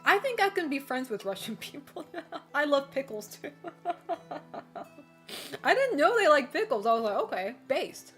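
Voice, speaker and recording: A young woman with a somewhat high voice rambles casually on a livestream. She is full of fillers and casual swearing, and she laughs often. Soft music plays faintly behind her. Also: big pitch swings, measured pace, pauses often. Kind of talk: casual chat while streaming.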